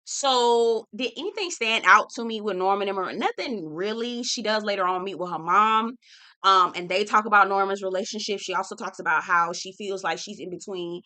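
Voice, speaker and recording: Young woman doing a reality show recap, bright clear voice, blunt and chatty, talks right to the viewers. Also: medium pitch, normal speed. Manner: candid, chatty, swears and talks to viewers as "girl" and "y'all". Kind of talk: casual chat.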